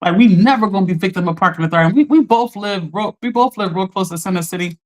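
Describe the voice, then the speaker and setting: A woman hosting a live stream, telling a story in an animated, chatty way, talking straight to her viewers and laughing often. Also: medium pitch, fast. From Philadelphia. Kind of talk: casual storytelling to a live audience.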